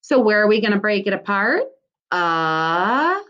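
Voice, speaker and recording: A woman teaching a recorded phonics lesson to second graders, sounding out words slowly and encouraging the children as she goes. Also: mid-range voice, highs cut off.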